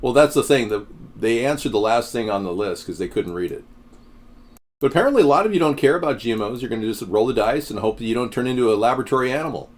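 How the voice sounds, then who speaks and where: A man's voice: medium pitch, expressive, quick pace. A man hosting a political talk show, reacting to a video and reading viewer comments with indignant, sarcastic commentary. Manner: indignant, sarcastic, talks back to chat. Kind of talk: live commentary on video and chat.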